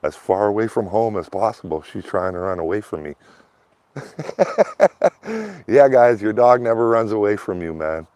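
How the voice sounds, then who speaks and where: Guy, very low voice, rambling offhand vlog talk while out walking. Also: big pitch swings, a little slow, pauses often, a little mellow, dry recording. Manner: loose and rambling, peppered with "like" and "man". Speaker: vlogger. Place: outdoors, walking a dog through a small town.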